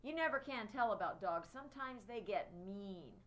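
A woman's voice: medium pitch, animated, moderate pace, a bit bright, lightly acted. A woman voicing a teasing know-it-all schoolboy in a storybook reading, jeering.

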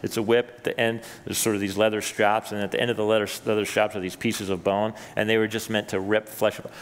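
A man, a pastor, preaching a sermon with lively rises when he reads scripture and chatty asides to his listeners. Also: fairly low pitch, fast, smooth, big-room sound. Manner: animated preaching, voice rising for quoted scripture; conversational asides to the congregation. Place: church sanctuary.

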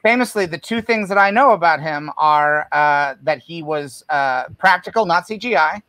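A man co-hosting a comedy talk show, adding halting deadpan remarks over a video call. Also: a little high, dry recording.

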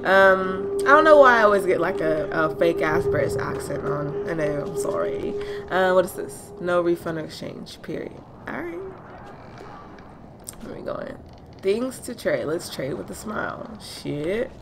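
Excitable, foul-mouthed woman gamer. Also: on the low side, unhurried, heavy background noise. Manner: excitable, swearing, self-deprecating. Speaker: gamer streamer. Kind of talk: casual let's play commentary.

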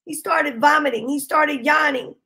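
High, gravelly woman preaching a fiery sermon. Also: normal speed. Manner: impassioned, shouting bursts, Southern-style speech. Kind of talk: sermon testimony.

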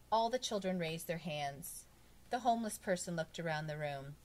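Woman audiobook reader, children's storybook, animated and expressive narration. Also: fairly low pitch, normal speed. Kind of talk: storybook read-aloud.

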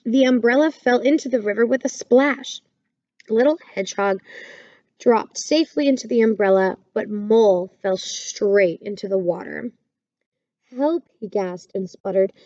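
A woman reading a children's picture book aloud in a gentle, clear storytelling manner. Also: a little high, normal speed, dry recording, highs cut off.

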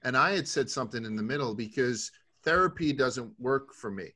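A man's voice: medium pitch, animated, fairly quick, sharp tone. A middle-aged man from Brooklyn, a podcast guest telling stories in a rambling, profane, casual way. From Brooklyn, New York.

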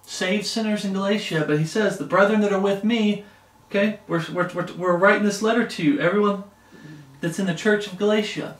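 Emphatic preacher, high voice, echoey room. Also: male voice, fairly even intonation, a little fast, distant mic. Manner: emphatic, repeats words, frequent "okay?". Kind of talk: Bible study sermon.

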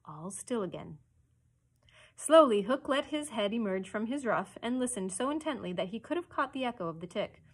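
A woman librarian reading a children's chapter book aloud with expressive storytelling narration. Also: a little high, moderate pace, husky.

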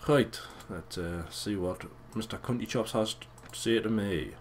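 Low-voiced, foul-mouthed gamer. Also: male voice, a little slow, slightly rough. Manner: crude, swearing, excitable and joking. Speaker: let's play gamer. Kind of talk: casual gameplay commentary.

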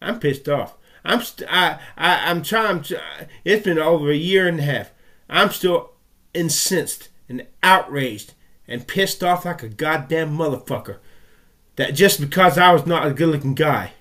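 A man from the United States delivers a furious, profanity-laced rant, his voice sitting a bit higher than most men's. He stumbles and restarts as the anger outruns his words. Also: unhurried, sharp tone. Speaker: vlogger. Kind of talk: angry ranting monologue.

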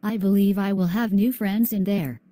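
A female student voicing a young schoolgirl who is bullied, speaking softly and earnestly in a class video. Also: mid-range voice, steady tone, normal speed, no room sound, lightly acted. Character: young bullied albino schoolgirl, sad and gentle.

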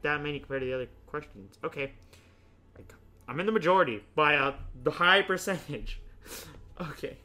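A young man hosting a casual gaming video, chatting and thinking out loud, often laughing as he rambles through choices. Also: on the high side. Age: young adult. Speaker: YouTube host playing a choice game.

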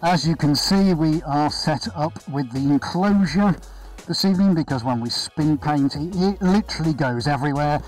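A man with a slightly high voice chats through a live painting stream in his studio, upbeat and friendly as he greets viewers by name. Soft music plays faintly in the background. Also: normal speed, low-quality recording. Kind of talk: casual live-stream chat. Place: art studio, indoors. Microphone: body-worn chest camera.

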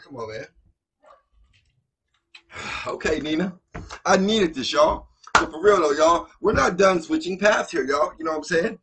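A man hosting a music reaction video, talking casually and excitedly, often breaking into exclamations while a song plays. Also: fairly high pitch, moderate pace, slight background noise. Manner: excitable, exclaims and interjects over the track. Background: song playing faintly.

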